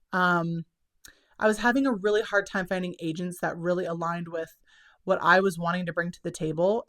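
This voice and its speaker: Speaking casually to her viewers on camera, a young self-published children's book author and channel host talks with a drawl, upbeat and chatty yet slightly breathless. Her words run together with "kind of" and "like." She has a lowish voice with a fairly bright tone.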